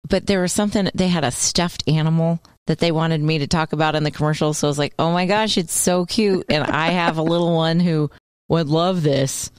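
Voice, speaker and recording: A woman's voice: sits low, steady tone, fairly quick, clear, resonant tone, no echo. A woman co-hosting a radio show in casual, playful on-air chat, laughing often, close to a studio microphone. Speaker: radio co-host.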